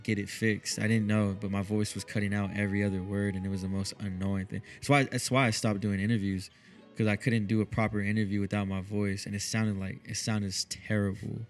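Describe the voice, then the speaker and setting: Chill dj guy, low smooth radio voice, easygoing, keeps saying you know what i mean, faint music in back. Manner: calm, unhurried, drops lots of "you know what I mean". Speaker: DJ and radio host, interview guest. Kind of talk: relaxed conversational interview.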